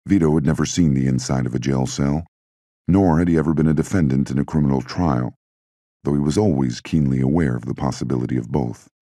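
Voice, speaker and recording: A man giving measured, scripted audiobook narration into a close mic. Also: a bass voice, mellow, no room sound.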